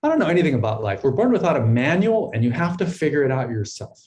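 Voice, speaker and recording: A man's voice: a little high, very animated, fast, a little mellow, a little hiss or hum. Plain-spoken humble mom talking to her son, guy quoting her in his normal voice. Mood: candid. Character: humble, wondering mother giving advice to her son.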